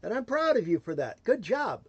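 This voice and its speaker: Man, motivational speaker, high voice, emphatic, loud then hushed, dry close sound. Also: big pitch swings, normal speed, breathy edge, dry recording, muffled recording. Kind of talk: motivational livestream talk.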